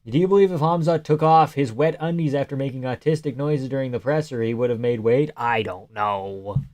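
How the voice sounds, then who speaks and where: Talking fast in a dark, mid-range voice, a man hosts a live stream and reads viewers' messages aloud. His answers are casual and joking, now and then dropping to a near-whisper.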